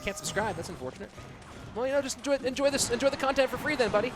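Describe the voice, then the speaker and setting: Male esports caster, high-pitched and hyped, live commentary with music playing underneath. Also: very fast. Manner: excitable, hyped shout-outs to viewers. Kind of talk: live game commentary reading chat.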